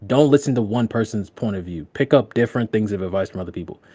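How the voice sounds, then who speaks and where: A man's voice: fast, breathy edge, no echo. Male podcast co-host, casual and slangy, swears freely, laughs a lot, dry studio sound. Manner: loose, slangy and profane, laughing often; animated, with big jumps in pitch when telling stories. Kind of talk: casual podcast chat giving dating advice.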